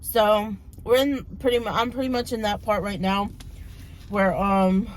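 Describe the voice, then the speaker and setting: A woman in her thirties, a book vlogger, chatting casually and retelling a plot in a rambling way, her voice a little hoarse from talking so much. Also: mid-range voice, slight background noise, poor audio. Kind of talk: casual book vlog chat.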